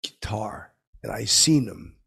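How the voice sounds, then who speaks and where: A man's voice: fairly low pitch, slow pace, vocal fry, sharp tone, breathy edge. A man hosting a comedy podcast, telling a rambling, boastful story as a clueless character.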